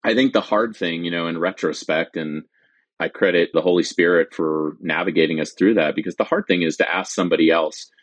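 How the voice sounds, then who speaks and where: With a low-pitched, fairly even voice and a brisk pace, a US military veteran in his forties tells his story on a recording with no room sound. As a guest, he's candid and earnest, performing the quoted exchanges he recalls.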